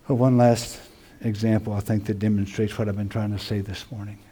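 A male pastor preaching a sermon to his congregation, swinging from loud emphasis to hushed, near-whispered lines. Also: lowish voice, level tone, fairly quick, slight background noise. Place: church sanctuary.

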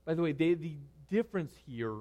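A man preaching a sermon, moving between loud, emphatic lines and hushed, quiet ones. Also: on the high side, expressive, a little fast. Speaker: pastor.

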